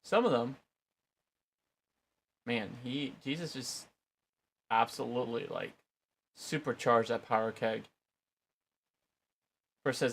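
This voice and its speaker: A man's voice: mid-range voice, normal speed, long pauses, a bit bright. A man reading a Bible passage aloud and then discussing it casually with many fillers. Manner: reads aloud, then chats loosely with many "like"s. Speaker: Bible study co-host. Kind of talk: scripture reading with casual commentary.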